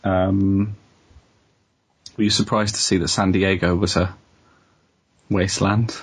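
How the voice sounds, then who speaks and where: A man's voice: low-pitched, level tone, slow pace, slightly rough. A man co-hosting a podcast, chatting casually and recapping episodes with lots of ums. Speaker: podcast co-host. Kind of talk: casual chat.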